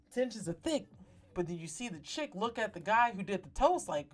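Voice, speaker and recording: A woman's voice: a little high, animated, brisk, soft background music. A woman hosting a talk show, recapping a TV episode in a casual, dramatic, slang-heavy way full of swearing. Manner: profane, slangy, dramatic storytelling.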